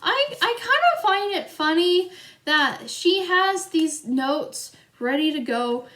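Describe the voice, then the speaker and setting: Slow, high-voiced young woman vlogger. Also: lively intonation, sharp tone. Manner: chatty, rambling, giggly, lots of filler. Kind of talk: storytime vlog.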